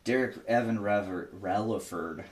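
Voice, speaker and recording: A man's voice: lowish voice, normal speed. A young adult man hosting a podcast, telling a casual story with plenty of laughs and swearing. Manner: animated, laughing, swears freely. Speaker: podcast host.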